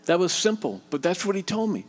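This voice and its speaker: A man's voice: sing-song, a little fast. Heartfelt middle-aged male preacher. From Louisiana. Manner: heartfelt, tender, drops soft and low in prayer. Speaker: guest preacher. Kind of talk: sermon and closing prayer.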